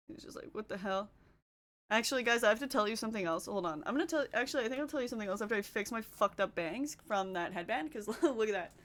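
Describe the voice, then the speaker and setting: A woman's voice: medium pitch, fairly bright tone. A woman streaming casually while doing her makeup, chatting, laughing often and answering her chat. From Canada. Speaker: livestreamer.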